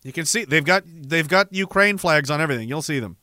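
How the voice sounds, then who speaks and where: A man's voice: on the high side, lively intonation, a little fast, bright, forceful tone, no echo, clean studio sound. A man, hosting a livestream and reading out viewer messages in a rambling, profane and sardonic way. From Canada. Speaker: livestream host.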